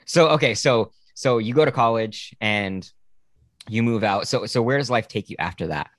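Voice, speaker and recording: Very deep-voiced woman podcast host. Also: normal speed, no room sound, studio quality. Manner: relaxed, blunt, swears casually. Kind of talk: casual interview chat.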